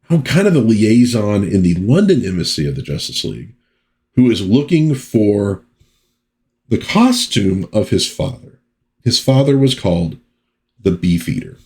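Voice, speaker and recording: A man's voice: low-pitched, darkish tone. A man hosting a casual comic book review vlog, chatty and easygoing. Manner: chatty with frequent fillers and restarts.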